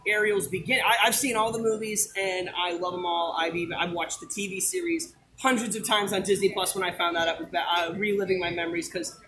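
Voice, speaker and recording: A man's voice: high-pitched, fairly quick, few pauses, noisy background. A man in his twenties chatting casually at a theme park, enthusiastic and rambling. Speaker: guest, Disney fan. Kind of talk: casual chat.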